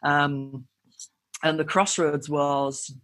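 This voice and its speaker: A woman's voice: low voice, steady tone, extremely slow, a bit bright. A woman, a guest chatting casually and laughing often. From northern England. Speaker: podcast guest. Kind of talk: casual interview chat.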